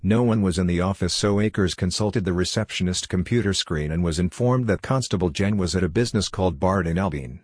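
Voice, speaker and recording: Deep husky male narrator. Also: brisk, few pauses, dry recording, studio quality. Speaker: audiobook narrator. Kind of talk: scripted narration.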